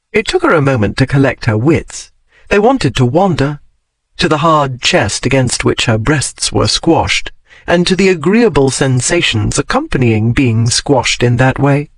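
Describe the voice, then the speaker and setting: A man reading a romance novel aloud in a steady, measured storytelling voice. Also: fairly high pitch, dry recording, rough recording. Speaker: audiobook narrator. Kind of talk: scripted romance narration.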